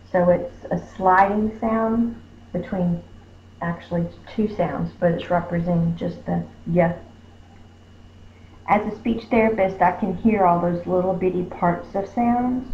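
Lady teacher sounding out words real slow, kinda low voice, roomy dull recording. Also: slight background noise. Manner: sounds words out slowly, stretching syllables. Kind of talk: slow phonics lesson.

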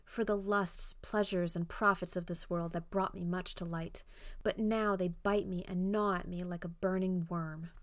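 A woman's voice: on the low side, fairly even intonation, normal speed, no echo, lightly acted. A woman voicing a despairing man locked in an iron cage, speaking mournfully and full of regret.

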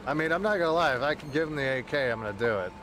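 A man's voice: mid-range voice, expressive, rapid-fire, background noise. A man streaming a game, chatting casually with friends, rowdy, joking and swearing a lot. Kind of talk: casual live-stream chat.

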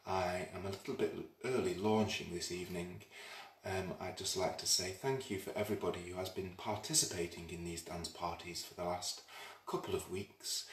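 A man's voice: low-pitched, a little hiss or hum. A man hosting an online dance party, chatty and playful as he greets viewers by name. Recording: roomy sound, away from the mic.

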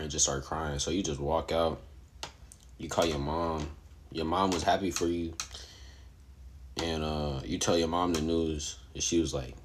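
A man's voice: extremely low pitch, fairly even intonation, moderate pace, long pauses, slight background noise. A young man casually spinning a hypothetical story, rambling and conversational, full of fillers.

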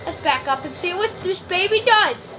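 Very high-pitched, excitable woman gamer. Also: moderate pace. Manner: excitable, yells and squeals at the game. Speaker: gameplay video maker. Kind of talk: live gameplay commentary. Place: at home playing a video game.

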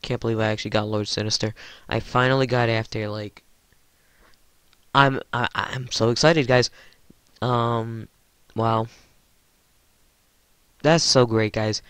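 Giddy stammering man, smooth dry voice. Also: mid-range voice, fairly even intonation, unhurried, long pauses, a bit bright, no echo. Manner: giddy, stammering, keeps addressing viewers as guys. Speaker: gaming channel host. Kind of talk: excited gameplay commentary.

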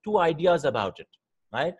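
Husky-voiced man teaching Arabic grammar. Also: a little high, very animated, normal speed, darkish tone, lo-fi sound. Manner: explains patiently, often asks "right?", repeats words. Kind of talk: Quranic Arabic grammar lesson.

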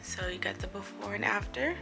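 A woman's voice: mid-range voice, a little fast, creaky. A young woman chatting casually to camera in a beauty vlog, playful and talking to her viewers like friends. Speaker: beauty vlogger. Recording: faint music behind.

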